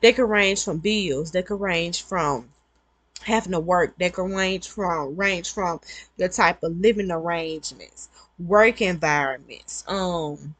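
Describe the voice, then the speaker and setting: A woman's voice: fairly low pitch, slow pace, a bit bright, dry recording. A woman vlogger giving earnest, repetitive, conversational advice to her viewers. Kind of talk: casual advice monologue.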